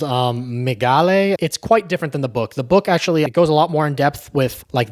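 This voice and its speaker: A young man giving a casual, profane movie recap, with frequent asides of "right?" and "like". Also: mid-range voice. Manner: chatty, profane, tags lines with "right?". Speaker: movie reviewer.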